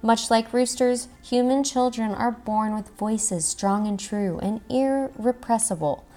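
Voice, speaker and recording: Mom reading a picture book aloud. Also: female voice, fairly high pitch, measured pace. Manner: gentle, expressive, chatting with the child between pages. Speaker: parent reading to her child. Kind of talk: children's story time read-aloud.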